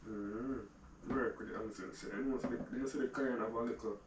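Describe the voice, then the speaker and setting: A man's voice: mid-range voice, fairly even intonation, a little fast. A man with a Jamaican accent casually chatting to his viewers as he cooks in his home kitchen, easygoing and talkative. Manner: easygoing, talks to viewers while cooking. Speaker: cooking vlogger. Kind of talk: casual cooking chat. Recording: roomy, far from mic, background noise.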